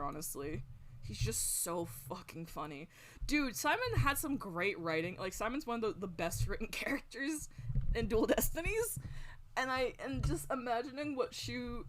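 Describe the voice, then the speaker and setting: Excitable, foul-mouthed young woman streamer. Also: on the high side, moderate pace, slight background noise. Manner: excitable, rambling, swears constantly. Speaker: art streamer. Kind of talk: casual chat while drawing on stream.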